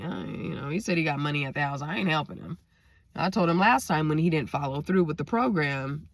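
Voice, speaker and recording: A woman vlogger casually telling a personal story to her viewers, acting out the dialogue with lively energy. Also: deep voice, a little fast, no echo. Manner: animated, lively retelling with quoted dialogue; talks straight to viewers.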